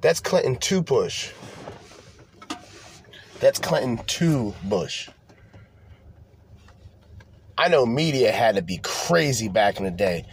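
Taking it slowly and pausing often, this podcast host rants in a mid-range voice, swearing freely and rambling through repeated restarts and phrases. A little hiss or hum runs under the recording.

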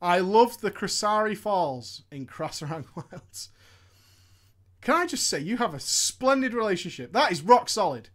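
A man's voice: high-pitched, unhurried. A man comedically reading a viewer's gaming story aloud, breaking off to laugh, swear and comment. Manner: animated, swears freely, laughs often.

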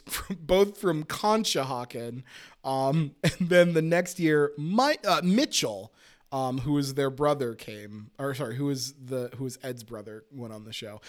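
A man co-hosting a podcast in casual chat, launching into excitable, laughing rants with plenty of swearing. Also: medium pitch. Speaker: podcast co-host.

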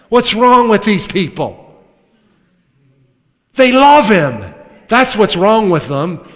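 A man with a notably high voice preaches slowly and deliberately, letting each phrase land. He swings from loud, emphatic declarations to hushed asides and slips in joking remarks. His voice carries the long reverb of a big church hall. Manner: humorous asides with laughter. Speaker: pastor. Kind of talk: sermon.

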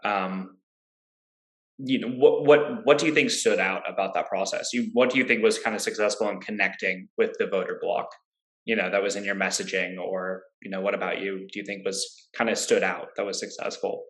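A man's voice: on the low side, fairly even intonation, a little fast, a bit bright. A man co-hosting an interview, asking long, hesitant questions full of restarts and fillers. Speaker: guest co-host, interviewer. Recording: roomy echo.

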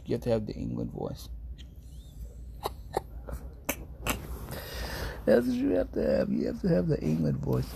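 Man, casual rambling chat, slangy and self-amused, mellow tone, faint noise in the background. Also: mid-range voice, wildly swooping pitch, normal speed, creaky, pauses often. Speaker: streamer reading reviews to viewers.

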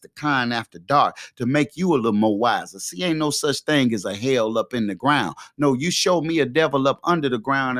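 Male podcast host, fervent and preachy, close mic in a dry, quiet room. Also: mid-range voice, no room sound. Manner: fervent, preachy, repetitive exhortations. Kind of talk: motivational preaching monologue. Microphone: close podcast microphone.

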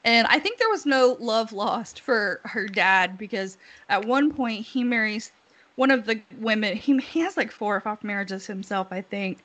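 A woman's voice: a little high, expressive, moderate pace, fairly bright tone. A woman casually chatting as a podcast co-host, laughing often as she retells what she has heard. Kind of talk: casual chat.

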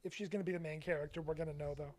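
A man with a notably high voice co-hosting a laid-back movie podcast. He answers in a dry, matter-of-fact way, dropping deadpan quips as the film runs. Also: racing. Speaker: podcast co-host. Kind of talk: casual movie watch-along chat.

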